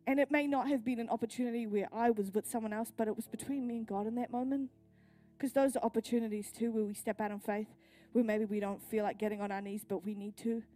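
A woman's voice: fairly high pitch, steady tone, quick pace, mellow, faint music behind. A woman pastor with a New Zealand accent, pregnant, preaching a sermon at a church service with earnest personal storytelling.

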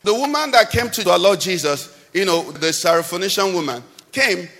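A man preaching a sermon in a church, with animated, sing-song delivery that swings between loud and soft. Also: high voice, moderate pace, soft background music. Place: church hall. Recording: long hall reverb.

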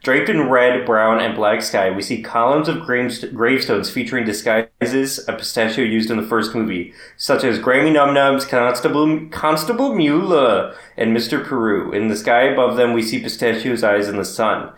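A man co-hosting a podcast in loose, casual chat. His mid-pitched voice rings with a noticeable room echo. He talks in an easygoing, unhurried way. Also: fairly bright tone. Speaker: podcast co-host.

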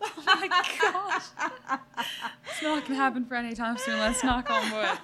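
A woman of twenty-four hosting a casual podcast interview, upbeat and laughing often as she fires off quick questions. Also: high-pitched, very animated, very noisy. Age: 20s. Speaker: podcast host.

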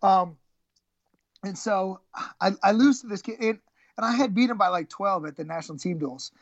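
A man's voice: high-pitched, normal speed, no echo, muffled recording. A middle-aged man, a former college wrestler, telling stories as a guest, rambling and self-mocking, with many fillers and restarts. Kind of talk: casual storytelling interview.

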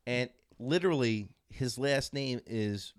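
A man's voice: medium pitch, slow pace. A man in his thirties telling jokey, profane stories in a casual podcast chat. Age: 30s. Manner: joking, profane storyteller.

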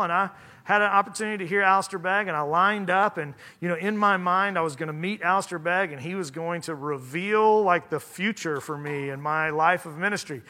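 A man in his thirties, a pastor, preaching a sermon in a church, his voice hoarse from singing and his delivery conversational with self-deprecating humor. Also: high voice, sharp tone. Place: church sanctuary.

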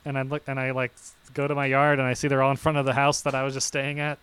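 Talking fast in a smooth, mid-range voice, a young man co-hosts a podcast. He relates animated stories casually and performs quotes with sudden yelps.

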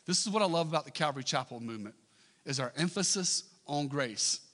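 A man's voice: mid-range voice, animated, very fast, fairly bright tone. Man preaching a sermon, hall reverb. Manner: conversational preaching with rising emphatic questions. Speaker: pastor. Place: church sanctuary.

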